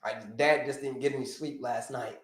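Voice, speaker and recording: A man voicing a tired, cranky father who says sorry to his son in a soft, lowered voice. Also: fairly even intonation, normal speed, reverberant, close to an everyday voice. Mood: apologetic. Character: sleepy apologetic father, cranky from no sleep.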